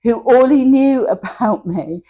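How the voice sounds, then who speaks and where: A woman's voice: on the high side, expressive, a little slow, mellow, dull audio. A woman, telling her personal story in an interview, candid and emotional, often laughing as she speaks. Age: 60s. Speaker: interview guest.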